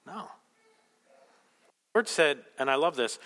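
A man preaching a sermon, emphatic and rhetorical, telling the story with animated asides. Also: on the high side, slow, in a large hall. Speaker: pastor.

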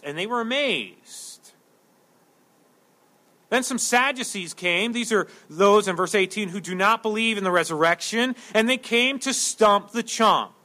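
A male pastor with a high, bright voice delivers an animated sermon. He jokes with the congregation and acts out the lines of the people he talks about, swinging his voice up and down. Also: a little slow. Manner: animated, jokey preaching with acted-out quotes.

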